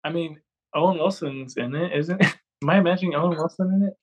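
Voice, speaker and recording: Husky man cracking jokes. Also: on the high side. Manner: jokey, quick interjections. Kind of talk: casual chat.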